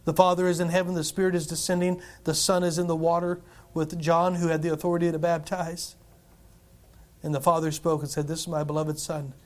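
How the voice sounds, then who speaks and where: A pastor delivers a lively sermon, his voice sitting a little higher than most men's. He reads scripture aloud in old-fashioned wording and chuckles as he explains it. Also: fairly quick. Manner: animated preaching, chuckles, quotes scripture in King James English.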